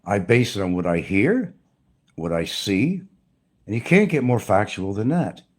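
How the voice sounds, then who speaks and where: Husky low-voiced man ranting. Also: very animated, a little slow, darkish tone. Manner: blunt, profane, preachy ranting. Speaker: YouTuber. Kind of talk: ranting monologue to camera.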